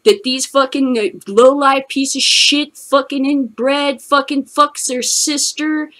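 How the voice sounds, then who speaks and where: A woman's voice: high-pitched, steady tone, fairly bright tone. An American woman hosting a cannabis news show, ranting angrily about the news with heavy cursing. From United States. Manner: angry, heavy cursing, fast bursts. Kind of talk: profane ranting commentary.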